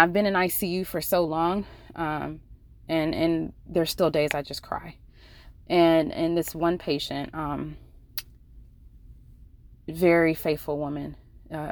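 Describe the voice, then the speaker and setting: A woman with a fairly low voice gives an earnest Bible devotional. She talks in a casual, conversational way, often restarting her sentences. The sound is dry and close, with no room echo. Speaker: devotional podcast host; ICU nurse.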